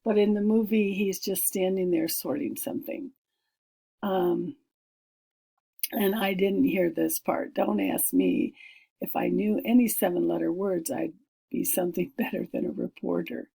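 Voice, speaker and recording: A woman's voice: lowish voice, fairly even intonation, a little slow, vocal fry, warm tone, slightly rough, poor audio. A woman teacher reading a screenplay aloud to young pupils and explaining it step by step, with many fillers and asides.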